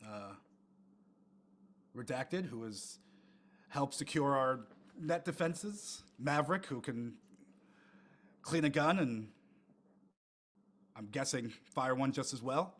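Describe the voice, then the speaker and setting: A man's voice: medium pitch, lively intonation, slow pace, long pauses, a bit bright. A man narrating a tabletop role-playing game as game master, talking hesitantly with many fillers.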